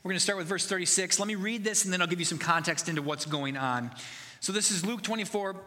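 A man's voice: high-pitched, quick pace, pushed and bright, in a large hall. A man preaching a sermon as pastor, earnest and conversational, building to emphatic passages.

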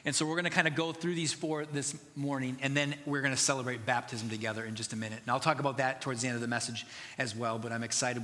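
A man's voice: mid-range voice, sharp tone, big-room sound. A man preaching a sermon as pastor, earnest and conversational, building to emphatic passages.

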